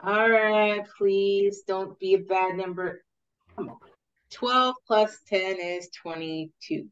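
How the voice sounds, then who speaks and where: A woman playing a tabletop game, talking in a hesitant, chatty way as she figures out her rolls. Her voice sits at a middle pitch for a woman. The recording is dull and lo-fi. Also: steady tone, slow pace, a bit bright, a faint crowd. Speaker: player. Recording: dull lo-fi audio.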